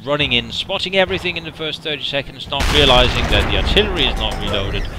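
A man's voice: medium pitch, animated, fast talker, few pauses. A man giving casual, wry commentary over his own tank gameplay. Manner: wry, dry humor, self-deprecating. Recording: noisy game audio underneath.

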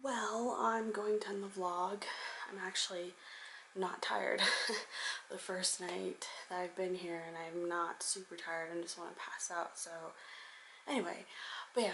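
A woman's voice: mid-range voice, steady tone, unhurried, creaky, fairly bright tone, slight background noise, rough recording. A young woman chatting casually in a holiday vlog at home, laid-back and laughing often, recording on a handheld camera. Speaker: vlogger. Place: house during a holiday visit. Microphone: handheld phone or camera.

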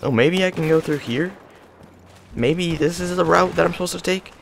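A man's voice: a little high, moderate pace, gravelly, a little hiss or hum. A young man casually commenting on his gameplay, rambling and breaking into panicked yelps and whining. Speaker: gaming YouTuber.

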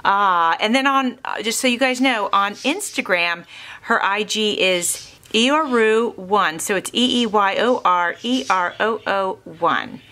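A woman vlogger opens craft mail at home and talks her viewers through each piece. She speaks slowly and lingers over her words, gushing with warm exclamations. Her voice is bright and clear, and it sits in a middle pitch. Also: a little hiss or hum. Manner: reads card messages aloud. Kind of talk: casual unboxing chat to camera.

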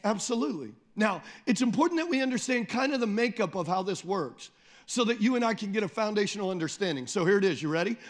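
Man, pastor, high voice, emphatic sermon, repeats phrases, slows to read scripture. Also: animated. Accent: Midwestern American. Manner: slows down and lifts the voice when reading scripture.

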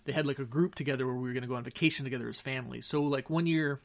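A man's voice: medium pitch, fairly even intonation, racing, gravelly. A middle-aged man from Southern California hosting a podcast, telling childhood stories in a rambling, wry, self-interrupting way into a studio microphone. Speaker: podcast host. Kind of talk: casual storytelling monologue. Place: home studio.

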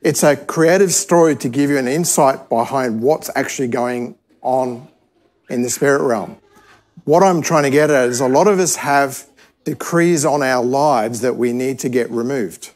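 A man's voice: mid-range voice, moderate pace. A man preaching in a conversational tone. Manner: conversational storytelling with restarts. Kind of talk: sermon teaching. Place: church service.

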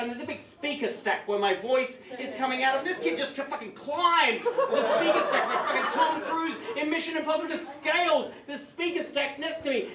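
A man doing live stand-up, telling a story in an animated, swearing comic manner on a club stage. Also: very high voice. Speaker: stand-up comedian. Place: comedy club stage with audience. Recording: echoey club room, distant mic.

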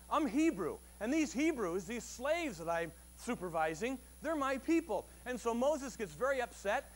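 A man preaching a Sunday sermon in a conversational way, asking the congregation questions and bursting loudly into quoted voices. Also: sits high. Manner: conversational, asks the audience questions; acts out quoted voices with sudden loud bursts. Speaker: pastor. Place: church service.

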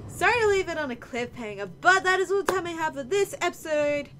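A woman casually commentating her gameplay, excitable and playful, whooping and using slang. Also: extremely high pitch, quick pace, background noise. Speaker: let's play gamer.

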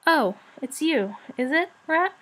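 A drowsy male dragon from a storybook, as a woman reader puts him on, hoarse and unhurried. He sounds calm and measured. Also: high-pitched, voice pushed up, heavily acted.

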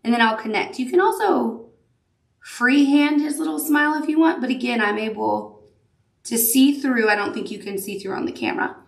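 A woman's voice: fairly high pitch, moderate pace, gravelly, roomy sound. A woman giving a chatty, upbeat sewing tutorial, cooing over cute little details as she works. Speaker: quilting instructor.

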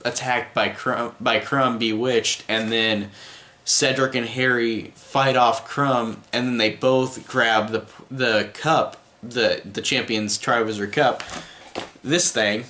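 Guy with a bright sharp voice going over a movie, lots of um and like, keeps restarting. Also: mid-range voice, fairly even intonation, takes it slowly. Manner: rambling, lots of fillers and restarts. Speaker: film reviewer. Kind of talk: casual spoiler review.

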